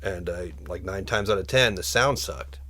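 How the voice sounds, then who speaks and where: A man talking as a podcast guest, rambling through stories with many restarts and getting animated as he goes. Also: deep voice, moderate pace. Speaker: guest musician and instrument builder. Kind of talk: casual podcast conversation.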